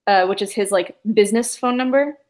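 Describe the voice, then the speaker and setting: Woman game master, casual rambling narration full of fillers, mid-pitched. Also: brisk, darkish tone. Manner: rambling, many fillers and laughs.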